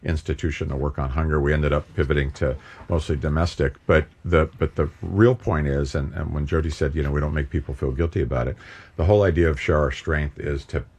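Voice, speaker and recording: A man's voice: a bass voice, fairly even intonation, a little fast, darkish tone, breathy edge. An older man who founded a hunger charity, talking modestly and at length in a casual interview. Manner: modest, reflective, speaks in long explanations.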